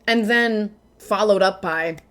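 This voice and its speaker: A woman's voice: medium pitch, takes it slowly, a bit bright. A young woman in casual video commentary as a manga reviewer, chatty and joking with lots of filler asides.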